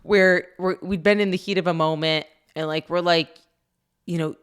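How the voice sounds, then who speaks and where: A woman's voice: fairly low pitch, steady tone, normal speed, clear, resonant tone. A woman co-hosting a parenting podcast, telling a family story in a casual, chatty way, often laughing and acting out what people said.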